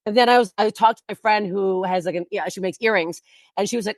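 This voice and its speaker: A woman's voice: mid-range voice, animated, fairly quick, dry recording, studio quality. A woman comedian talking bluntly and profanely in a casual podcast chat, rambling with frequent restarts. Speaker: guest comedian.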